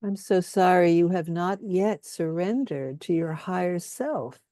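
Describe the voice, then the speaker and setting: Woman workshop leader, calm guided-healing delivery, dry close sound, lowish pitch. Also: no echo. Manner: slow, soothing, leads repeated statements.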